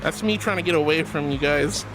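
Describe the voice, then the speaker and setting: A woman's voice: sits low, a little fast, over music. A woman streamer chatting casually on a livestream, playful and theatrical, slipping into grand mock-solemn tones. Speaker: VTuber streamer.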